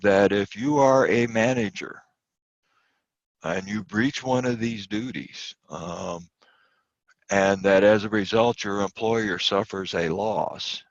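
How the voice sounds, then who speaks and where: A man's voice: fairly low pitch, takes it slowly, no room sound, dull audio. A man giving an online lecture, stressing key points with rising emphasis and many fillers. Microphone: computer mic on video call.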